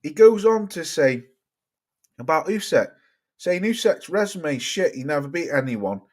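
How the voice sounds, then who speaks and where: A man's voice: a little high, very animated, a little slow. A man, ranting casually and swearing while reacting to his live chat. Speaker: streamer.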